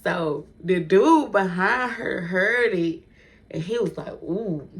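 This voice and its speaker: A woman vlogger telling a story to her viewers, animated and chatty, swearing freely and laughing often. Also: lowish voice, slow pace. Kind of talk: storytime vlog.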